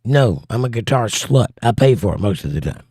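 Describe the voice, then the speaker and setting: A man's voice: on the low side, animated, a little fast, warm tone, husky, no room sound, studio quality. A man hosting a casual livestream, reading viewer comments aloud and answering them with wry, joking asides. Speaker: livestream host reading chat.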